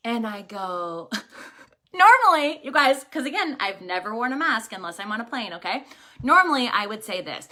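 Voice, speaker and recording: A woman's voice: mid-range voice, sing-song, fairly quick, sharp tone. A woman hosting a livestream, chatting casually and animatedly with viewers, telling travel stories full of rhetorical questions and fillers. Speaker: livestream host.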